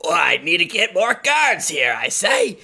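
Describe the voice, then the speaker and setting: A man's voice: high-pitched, big pitch swings, a little slow, gravelly, pushed and bright, slightly rough, full character voice. A man voicing a blustering male town guard captain in a tabletop game. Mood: gruff.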